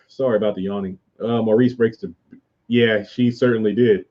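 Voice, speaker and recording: A man's voice: medium pitch, fairly even intonation, fairly quick, mellow, highs cut off. A man hosting a casual livestream, rambling as he answers viewers' comments aloud. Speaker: YouTube host reviewing a TV show.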